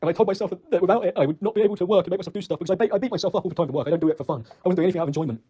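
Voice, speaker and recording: Rapid, emotional British young man. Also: sits high, dark tone, breathy edge, highs cut off. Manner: rambling, self-reproaching, swears often. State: emotional, choked up. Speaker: ex-boyfriend leaving an apology message. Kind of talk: recorded personal voice message.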